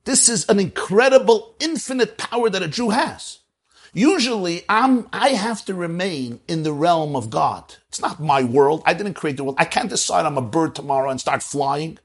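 A rabbi gives a lively Torah lecture in a somewhat high, husky voice at normal speed. His pitch swings widely from soft asides to emphatic declarations, and he stays animated throughout.

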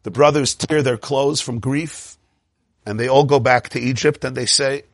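A man's voice: mid-range voice, fairly even intonation, moderate pace, no room sound, clean studio sound. A man teaching a Torah lesson, retelling a biblical story with repeated phrases for emphasis and quoting Hebrew verses before translating them.

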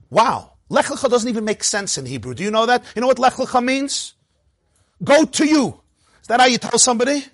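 A man teaching a Torah class as a rabbi, animated and playful, firing off rhetorical questions and jokes. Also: sits high, no room sound.

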